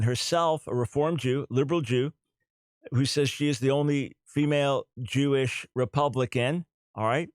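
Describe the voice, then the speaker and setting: A man's voice: mid-range voice, no room sound. A middle-aged man hosting a talk radio show, speaking earnestly and emphatically, repeating his key points.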